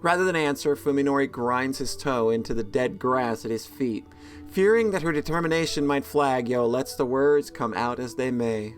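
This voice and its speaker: A man's voice: mid-range voice, moderate pace, soft background music. Sarcastic man reading a game aloud. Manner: sarcastic, joking asides. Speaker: let's play host.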